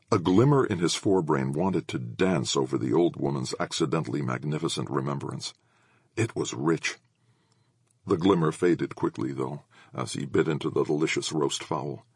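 Man, audiobook narrator, very deep voice, gravelly, husky, dry close sound. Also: no room sound.

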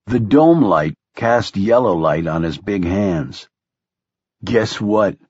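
A man narrating an audiobook in measured, even storytelling, close to the mic. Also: deep voice, breathy edge, no room sound, lo-fi sound. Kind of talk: scripted narration.

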